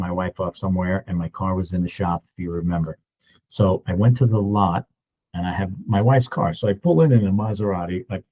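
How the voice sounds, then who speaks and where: Deep-voiced man in his sixties telling a story. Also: husky, dull audio. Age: 60s. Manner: animated storytelling, acting out other people's voices. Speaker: real estate agent. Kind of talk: storytelling vlog.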